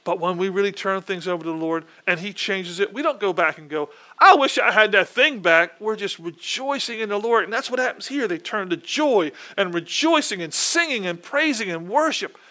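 A man's voice: high voice, animated, a little fast, hardly any pauses, sharp tone. A man preaching a conversational sermon in an earnest way, often repeating his words and asking his listeners questions.

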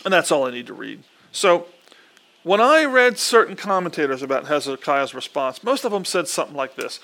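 Man, preacher, high bright voice, earnest, conversational, restarts. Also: very animated, fairly quick, gravelly. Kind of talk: Bible reading and informal sermon.

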